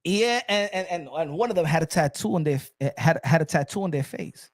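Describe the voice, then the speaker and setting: A man hosting his own boxing channel, telling stories in a rambling, animated casual chat full of restarts. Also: fairly high pitch.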